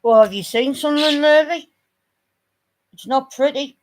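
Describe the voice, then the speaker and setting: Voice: high-pitched, slight background noise. A vlogger, chatting casually in a blunt, teasing way. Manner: blunt, teasing, quick to jab. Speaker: family channel vlogger. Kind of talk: casual chat.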